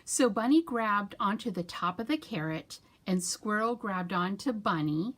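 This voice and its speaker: Animated woman leading a children's storytime. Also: mid-range voice, measured pace. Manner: animated, with sound effects and hand-motion rhymes. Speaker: children's librarian. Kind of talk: storytime reading and rhymes for children.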